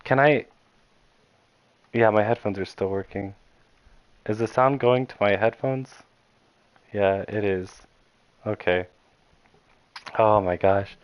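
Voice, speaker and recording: A young man casually commentating a game, excitable and swearing, talking to himself at home. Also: lowish voice, slow, pauses often, clear, resonant tone, no echo, lo-fi sound. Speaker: let's play host.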